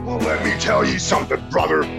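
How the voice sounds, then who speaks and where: A gravelly, boasting pro wrestler. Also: male voice, medium pitch, sing-song, brisk, pitched below the performer's own voice. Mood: boastful. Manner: boastful catchphrase rant. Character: brash loud male wrestler hyping himself. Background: country guitar music.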